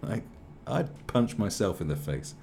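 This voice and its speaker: A man with a low, gravelly voice delivers a sarcastic commentary rant. He swears freely and asks mock-polite questions again and again, swinging his pitch wildly up and down as he mocks. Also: expressive, moderate pace, darkish tone, slight background noise. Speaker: video commentator. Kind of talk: ranting commentary.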